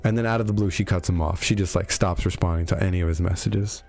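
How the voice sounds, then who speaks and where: Man, casual joking story recap, wry and sarcastic, gravelly voice, faint music behind. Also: low voice, fairly even intonation, fast, a little mellow. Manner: wry, filler-heavy, sarcastic commentary. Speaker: video host reviewing game lore. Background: faint background music.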